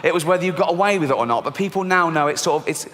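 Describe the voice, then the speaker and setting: A middle-aged English man performing a stand-up comedy set, telling stories bluntly and swearing often. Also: racing. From England. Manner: animated storytelling with squeaky high voices for children. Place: large theatre stage before an audience. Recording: live theatre recording with long hall reverb.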